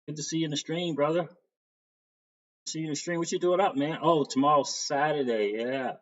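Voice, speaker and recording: Male streamer, relaxed chatty host voice, slightly muffled home-mic audio. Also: mid-range voice, a little slow. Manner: reads out viewer names and greets them, laughs often. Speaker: crypto livestream host. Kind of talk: casual livestream chat.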